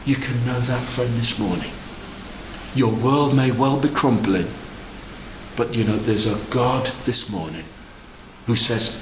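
A man preaching a lively sermon, asking the congregation questions and joking with them. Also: mid-range voice, measured pace, roomy sound, background noise. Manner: animated, asks the congregation questions, jokes. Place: church.

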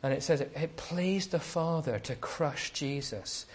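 A man's voice: a little high, lively intonation, measured pace, husky. A man preaching a sermon as a pastor, speaking conversationally and often asking rhetorical questions.

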